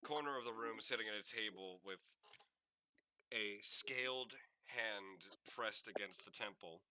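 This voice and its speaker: A man's voice: fairly low pitch, unhurried, pushed and bright, a little hiss or hum. A man running a tabletop game as game master, narrating loosely with many fillers. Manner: meandering, many "like" fillers, descriptive.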